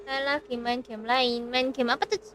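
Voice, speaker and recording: A woman's voice: fairly high pitch, brisk, a little hiss or hum. A young woman from Indonesia with an Indonesian accent, playfully reading a game story aloud and greeting viewers. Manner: animated, playful. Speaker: streamer.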